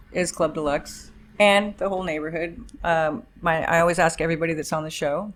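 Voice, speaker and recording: A woman hosting a casual local interview show, bubbly and rambling, laughing often, in a room by a street window. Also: fairly low pitch. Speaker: host.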